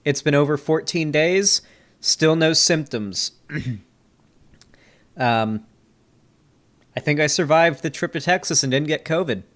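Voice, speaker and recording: A man's voice: a little high, unhurried, pauses often, fairly bright tone. A man streaming a review of a debate, talking in casual, joking commentary full of fillers and swearing, at a desk mic. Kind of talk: casual profane reaction commentary.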